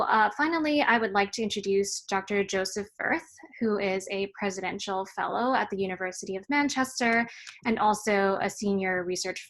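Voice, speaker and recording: Woman moderating an online forum. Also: medium pitch. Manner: measured, with many filler ums. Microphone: video call.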